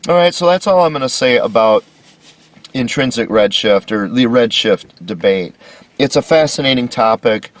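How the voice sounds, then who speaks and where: A man's voice: medium pitch, expressive, moderate pace. A man hosting a solo commentary lecture, talking with sarcastic, mocking emphasis. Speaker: video series host.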